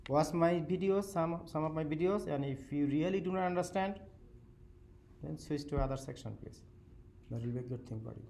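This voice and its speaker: A man's voice: on the high side, normal speed, gravelly, darkish tone, slight background noise. A male professor, not a native English speaker, lecturing a class in simple English and often checking in with "okay?". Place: lecture hall.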